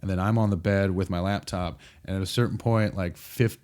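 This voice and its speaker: A man's voice: deep voice, brisk. A man in his thirties, a podcast guest, telling a personal story in casual chat, acting out quotes with frequent restarts. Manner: animated, acts out quotes with restarts.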